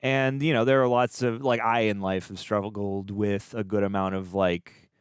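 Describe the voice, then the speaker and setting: A man's voice: fairly low pitch, fairly even intonation, normal speed, clean tone, no room sound, studio quality. A man co-hosting a movie reaction show, talking reflectively in casual chat and playfully acting out quotes. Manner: reflective, jokey, acts out quotes loudly.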